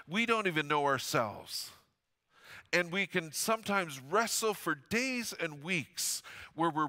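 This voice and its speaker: A middle-aged man preaching a sermon as a pastor, telling stories earnestly and swinging from loud emphasis to hushed, quiet lines. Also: a little high.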